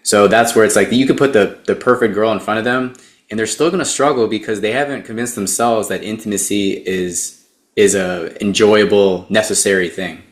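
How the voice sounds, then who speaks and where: A man, a therapist and dating coach, who speaks as an interview guest in a measured way and explains things step by step. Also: fairly low pitch, fairly even intonation, reverberant.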